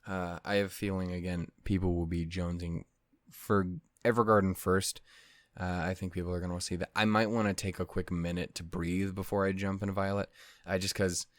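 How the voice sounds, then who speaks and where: A man's voice: low voice, flat delivery, fairly quick, no room sound. A man hosting an anime reaction channel, chatting casually to viewers in a rambling, self-deprecating way. He swears a lot and keeps getting sidetracked. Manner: easily sidetracked, loses his train of thought. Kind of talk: casual wrap-up chat to viewers.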